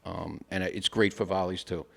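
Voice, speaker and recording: A firefighter co-hosts a podcast in a relaxed, rambling style, his low voice acting out the dialogue of his stories as he goes. He fills the pauses with plenty of "you know" and keeps it conversational. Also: gravelly. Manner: tells stories with quoted dialogue, many "you know" fillers. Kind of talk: casual interview storytelling.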